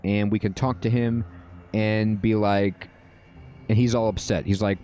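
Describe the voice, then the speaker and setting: Low, mellow-voiced man explaining a game. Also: a little slow. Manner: relaxed, checks in often with "all right?". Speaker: game guide host. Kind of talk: casual gameplay tutorial commentary.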